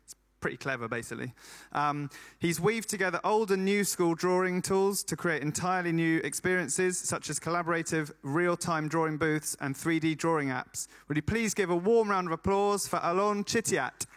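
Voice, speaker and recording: A man with a fairly high voice introduces the next speaker from a conference stage. He reads through a short bio with some fillers and then asks the audience for applause. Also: moderate pace, fairly bright tone. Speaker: event presenter.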